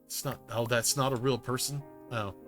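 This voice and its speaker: A man's voice: mid-range voice, fairly even intonation, moderate pace, fairly bright tone. A man giving rambling, jokey gameplay commentary, muttering self-deprecating asides to himself as he plays. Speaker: gaming YouTuber. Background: music.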